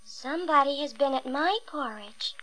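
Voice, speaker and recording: A woman's voice: high voice, expressive, moderate pace, bright, forceful tone, rough recording. Woman doing a mild Mother Bear. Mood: puzzled. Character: middle-sized motherly female bear. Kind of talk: storybook read-aloud.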